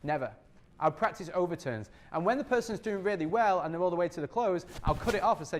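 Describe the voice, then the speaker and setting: A man leading a sales training workshop, energetic and repetitive, often acting out customer scenes as he talks. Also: high voice, fast, slight background noise.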